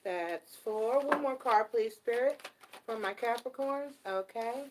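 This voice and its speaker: Woman, middle-aged, tarot reader, casual live reading, blunt, animated, swears casually. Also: a little high, slow pace, noisy background.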